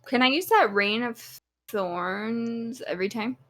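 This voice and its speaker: A woman's voice: fairly high pitch, unhurried, a bit bright. A young woman playing in a tabletop game, hesitant and asking lots of questions. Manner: hesitant, full of ums and questions. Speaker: player. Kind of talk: casual chat in a tabletop game.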